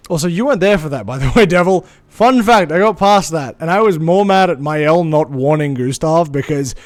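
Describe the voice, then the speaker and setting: Guy streaming live, kinda high voice, bounces all over the place while he rants and swears, then says sorry a lot. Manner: animated ranting, swearing, quick apologies. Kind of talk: casual live-stream chat.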